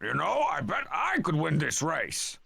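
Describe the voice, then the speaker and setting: An actor playing a boastful, scheming cartoon tough guy in a video game, with a gravelly, theatrical voice. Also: a little high, wildly swooping pitch, unhurried, bright, forceful tone, exaggerated voice.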